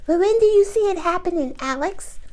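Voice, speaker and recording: A woman voicing an impatient viewer who craves timelines, in a high squeaky put-on voice. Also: expressive, a little fast, a little mellow. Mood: eager.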